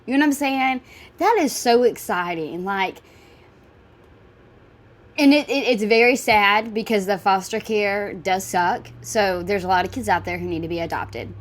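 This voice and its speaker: A woman's voice: medium pitch, moderate pace. A woman hosts a reaction video and comments casually on what she watches. She is blunt and openly exasperated, and she swears freely as she talks.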